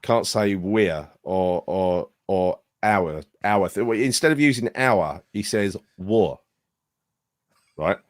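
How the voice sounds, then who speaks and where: A man's voice: fairly low pitch, a little slow, hardly any pauses, no echo. Blunt sweary man, dry close sound. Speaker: podcast co-host. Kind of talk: casual football chat.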